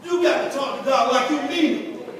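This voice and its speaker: A man preaching a sermon in a large church, talking to the congregation and rising into shouted, sung cadences. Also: very high voice, normal speed. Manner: conversational, calls out to the congregation. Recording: echoey church hall from far off, crowd noise. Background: congregation responding.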